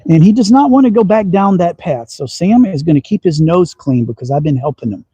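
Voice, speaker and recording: A man's voice: sits high, lively intonation, fairly quick, dark tone, slightly rough, no room sound, poor audio. A man from Texas with a slight Southern accent, hosting a casual livestream and chatting while he shoots outdoors. He talks in a folksy, teasing way and chuckles often. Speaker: slingshot livestream host. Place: outdoor backyard shooting range.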